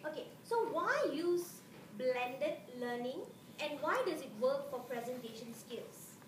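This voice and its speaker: A woman's voice: high-pitched, animated, a little slow. A woman lecturer, giving a chatty conference talk that keeps checking in with her audience. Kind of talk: conference presentation. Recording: roomy, distant mic, noisy hall.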